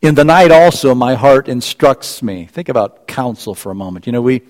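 A man preaching a sermon, expounding scripture verse by verse, rising to emphatic peaks and dropping to quiet asides. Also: mid-range voice, lively intonation, normal speed, big-room sound. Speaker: pastor.

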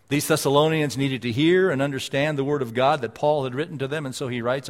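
A male preacher giving a sermon and reading scripture aloud, repeating key phrases with emphasis and dropping to a hush at times. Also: on the high side. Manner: repetitive emphatic phrasing, swings between loud and hushed. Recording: long hall reverb.

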